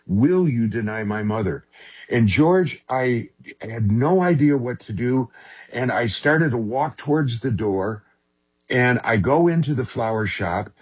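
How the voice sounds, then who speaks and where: Husky man telling a personal story. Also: mid-range voice, lively intonation. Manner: earnest, halting, with frequent restarts. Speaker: interview guest.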